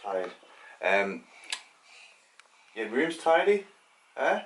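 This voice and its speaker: Man, home vlogger, teasing and jokey, lively varied pitch, a bit out of breath. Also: extremely slow, slight background noise. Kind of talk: casual home vlog. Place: child's bedroom at home.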